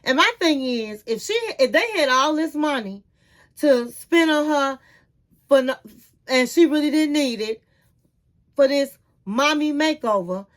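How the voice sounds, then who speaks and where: A middle-aged woman with a high voice recaps a reality TV episode in a chatty, candid way, and often calls the listener "honey." She talks slowly and lingers on her words. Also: lively intonation, low-quality recording. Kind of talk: casual commentary recapping an episode.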